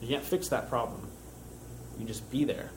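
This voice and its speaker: A man's voice: mid-range voice, steady tone, normal speed, noisy background. A young man preaching a sermon in a conversational way, telling a camp story with frequent fillers and restarts. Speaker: camp counselor giving a church talk.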